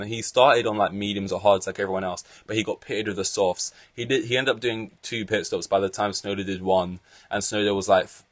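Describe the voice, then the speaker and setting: A young man hosting a casual solo podcast, talking in an animated, exasperated way and swearing freely. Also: on the low side, no room sound. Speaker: podcast host.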